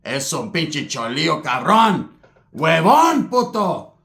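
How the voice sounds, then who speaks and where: A man voicing a gruff middle-aged uncle who mutters insults under his breath. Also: big pitch swings, slow pace, background noise, full character voice. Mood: grumbling. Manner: low muttering grumble.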